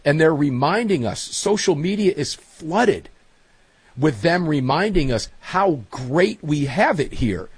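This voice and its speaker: A man hosting a casual chat show, telling stories in a chatty, animated way. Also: fairly high pitch, moderate pace, husky, no echo. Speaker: host.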